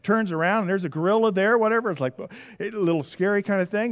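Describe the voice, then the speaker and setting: In a church sanctuary, a pastor with a high, expressive male voice preaches fast and conversationally to the congregation. He repeats key phrases and acts out little scenes.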